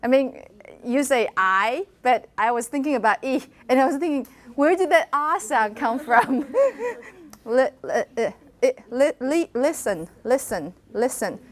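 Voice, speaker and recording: Slow, high-voiced woman lecturing. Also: lively intonation. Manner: demonstrates sounds by repeating words slowly; switches briefly into Mandarin. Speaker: university phonetics lecturer. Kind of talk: classroom lecture. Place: lecture hall.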